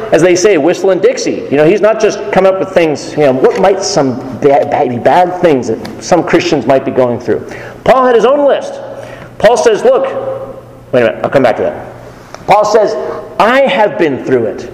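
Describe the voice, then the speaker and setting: A man preaching a sermon, telling a story in an animated, emphatic way. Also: fairly high pitch. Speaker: pastor. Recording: echoey hall with long reverb.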